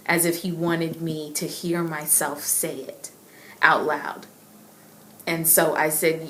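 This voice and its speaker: A young adult woman earnestly recounting a personal faith testimony, emotional and halting, with frequent repeats. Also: deep voice, little pitch movement, fairly bright tone, a little hiss or hum. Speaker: inspirational vlogger. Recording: echoey room with faint ambience.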